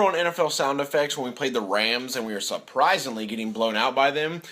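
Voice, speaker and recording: Young guy ranting bout football, bright voice, swears a lot, does little impressions of players. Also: medium pitch, a little fast. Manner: animated, swearing, mimics players in quoted voices. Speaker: sports fan vlogger. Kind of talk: profane sports rant.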